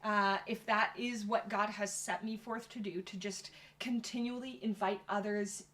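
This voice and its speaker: A woman's voice: mid-range voice, fairly even intonation, moderate pace, fairly bright tone. A woman youth pastor speaking as a guest in a casual interview, thoughtful and reflective.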